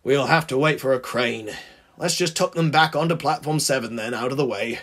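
A man doing a gruff railway engine driver. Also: mid-range voice, moderate pace, a bit bright, lightly acted. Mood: firm. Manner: firm and gruff.

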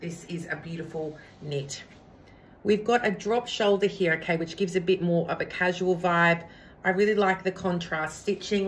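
A woman's voice: fairly low pitch, a bit bright, reverberant, far from the mic, a little hiss or hum, low-quality recording. A woman, enthusiastically trying on clothes for viewers she calls friends. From Australia. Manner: gushing, addresses viewers as friends. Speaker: fashion try-on vlogger. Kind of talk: clothing try-on haul.

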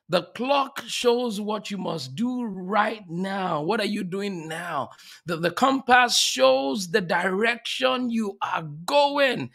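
A man hosting a live-streamed conference, his voice pitched high with a gravelly edge. He speaks slowly, overcome with emotion, breaking into exclamations and laughter. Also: lively intonation, a bit bright. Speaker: conference host.

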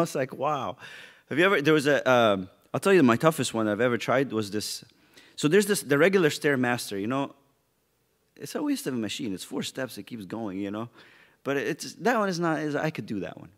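A man teaching a youth Bible study, animated and joking as he acts out people's reactions. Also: fairly high pitch.

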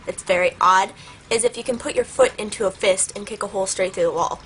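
A woman's voice: medium pitch, brisk, fairly bright tone, slight background noise. A young woman vlogging in a playful, joking, goofy way. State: out of breath. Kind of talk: casual comedic vlog.

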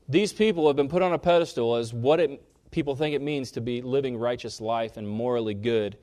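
A man preaching a sermon, rising sharply in pitch and loudness on key points and dropping low between them. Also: brisk, hardly any pauses. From Kansas. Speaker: pastor.

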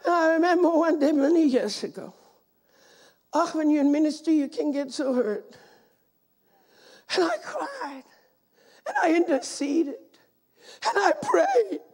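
Woman preacher, very high voice, slow emphatic sermon delivery with shouted peaks. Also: big pitch swings. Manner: emphatic, often breaking into shouts.

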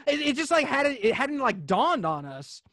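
A man's voice: very high-pitched, big pitch swings, normal speed, bright, forceful tone. A man chatting as a podcast guest, telling stories in a laid-back, rambling way full of filler words. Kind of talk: casual chat.

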